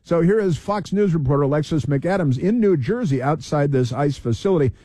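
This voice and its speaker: A male talk radio host speaking in a somewhat high but dark, mellow voice. He sounds heated, repeats phrases for emphasis and rattles through lists. The recording is dry and close. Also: lively intonation, fairly quick, no echo. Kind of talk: political talk radio commentary.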